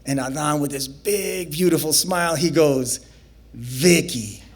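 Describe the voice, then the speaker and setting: On stage, a young adult man tells a personal story at a moderate pace, acting out the dialogue. His animated delivery swings widely and climbs into high, excited shouts.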